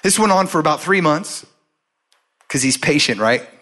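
Guy preaching, telling his own story, kinda high voice, swings up and down a lot. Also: normal speed. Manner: animated storytelling, acts out his own and God's lines. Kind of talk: sermon with personal testimony.

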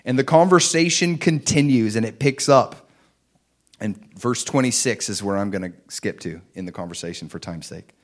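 A man preaching a sermon, reading scripture aloud and building to loud, emphatic lines. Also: on the low side, moderate pace. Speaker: pastor.

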